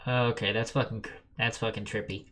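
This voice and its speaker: A man's voice: lowish voice, fairly even intonation, moderate pace, fairly bright tone. A man streaming a game, commenting sarcastically, swearing and reading the on-screen text aloud. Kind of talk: gameplay commentary.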